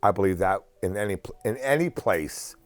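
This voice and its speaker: A man's voice: fairly low pitch, expressive, normal speed, no room sound, soft background music. A man giving casual, earnest advice in a rambling rant that often repeats and restarts phrases. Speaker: vlogger.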